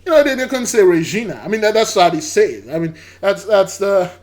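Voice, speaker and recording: A man's voice: sits high, expressive, fairly quick, darkish tone. Rambling, stammering older man. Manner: rambling, stammering, repeats words, laughs at himself. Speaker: channel host. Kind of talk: casual commentary on a news clip.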